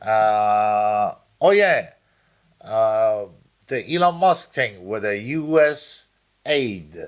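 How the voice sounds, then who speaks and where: A man co-hosting a podcast, bantering crudely in a rambling, halting way with lots of fillers. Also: lowish voice, animated, clean tone. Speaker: podcast co-host.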